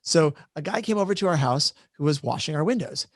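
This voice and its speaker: Fast-talking man telling a chatty story. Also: on the high side, expressive, no room sound, clean studio sound. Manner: quick, chatty, self-deprecating storytelling. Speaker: panel moderator. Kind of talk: casual panel discussion. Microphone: video call.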